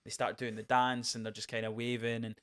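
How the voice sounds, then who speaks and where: A young man co-hosting a podcast, chatting excitedly about a film and acting out quotes in voices. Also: mid-range voice, a little fast, clean tone. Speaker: podcast co-host. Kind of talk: casual film review chat.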